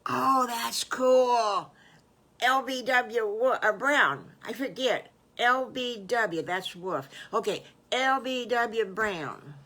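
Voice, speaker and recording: A woman's voice: lowish voice, animated, unhurried, pushed and bright, heavily acted. An older woman voicing a sweet, timid little boy wolf who stammers and hesitates. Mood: earnest. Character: young male wolf cub, timid and sweet.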